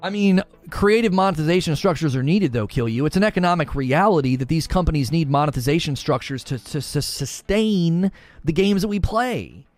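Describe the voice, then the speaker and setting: A man's voice: fairly high pitch, lively intonation, brisk, no echo. A man arguing and talking through a live stream, full of rhetorical questions.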